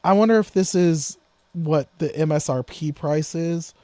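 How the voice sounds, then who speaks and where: A man co-hosting a casual gear podcast, rambling through quick asides and frequent restarts. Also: a little high, warm tone, no room sound. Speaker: podcast co-host. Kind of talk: casual gear-talk chat.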